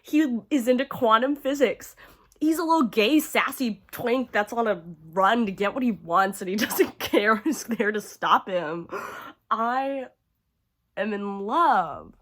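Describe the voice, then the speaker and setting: A woman's voice: fairly high pitch, takes it slowly, fairly bright tone. Chatty, profane young woman gushing. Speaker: horror video creator. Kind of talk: casual ranking commentary to camera.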